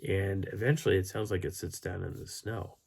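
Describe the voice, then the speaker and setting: Low, gravelly hoarse man telling a story. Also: brisk. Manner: animated, chuckling anecdote-telling. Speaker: channel host. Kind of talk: casual storytelling.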